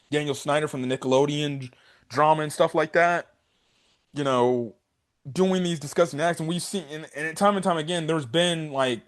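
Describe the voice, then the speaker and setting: A man giving a casual anime episode review in an excited, rambling, often profane way. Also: a little high.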